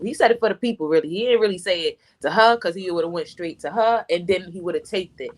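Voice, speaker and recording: A woman co-host speaks frankly in relaxed conversation. Her voice sits on the lower side, and she leans on fillers like "you know" between her points. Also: quick pace. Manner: blunt, opinionated, with fillers. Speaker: podcast co-host. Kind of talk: casual chat.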